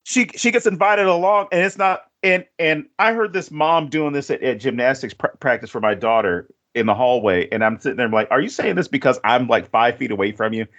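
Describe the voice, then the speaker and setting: A man hosting a podcast, talking casually and rambling a bit, turning animated when he retells what people said. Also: medium pitch, a little fast, hardly any pauses, highs cut off. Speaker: podcast host. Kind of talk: casual chat.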